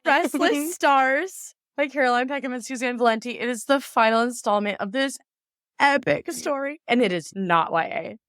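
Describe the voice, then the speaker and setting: A woman co-hosting a book podcast, bubbly and excitable in casual chat. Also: high voice, normal speed, no room sound, clean studio sound. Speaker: podcast co-host.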